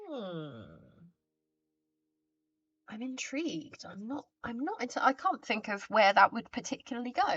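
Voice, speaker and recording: A woman's voice: on the high side, husky, highs cut off. A woman live streamer chatting casually with her viewers. She greets them and reads their messages aloud, talking into a desk mic with a pop filter.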